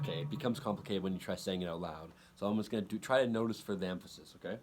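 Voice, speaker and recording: A man giving a casual guitar lesson, talking in halting bursts with many restarts and counting beats aloud. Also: lowish voice. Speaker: guitar teacher. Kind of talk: casual instructional talk over guitar playing. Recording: loud guitar playing behind the voice.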